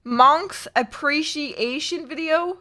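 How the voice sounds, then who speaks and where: A woman's voice: sits high, slow, bright, forceful tone. A young adult woman live streamer chatting casually with her viewers, exclaiming and talking straight to chat.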